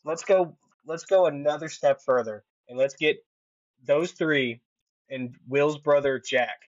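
An excited young man in a casual podcast chat, swearing and playfully pleading. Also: on the high side, measured pace, dry recording. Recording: dull dry mic.

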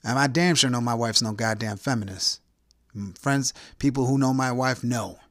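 A man's voice: mid-range voice, moderate pace, fairly bright tone, no room sound, studio quality. A man hosting a podcast, delivering a crude, angry ranting monologue full of swearing and heckling.

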